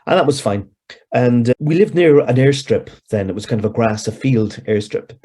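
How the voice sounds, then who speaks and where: An Irish hypnotherapist in his sixties, appearing as a guest in an interview, tells rambling, conversational anecdotes. His medium-pitched voice is animated with a dark, slightly rough tone at normal speed.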